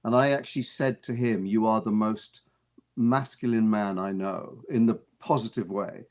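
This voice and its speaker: This interview guest, a man who acts and writes, has a lowish, slightly mellow voice and a moderate pace. Through a radio studio mic, he tells amused, casual anecdotes that ramble, with plenty of restarts and repeated words.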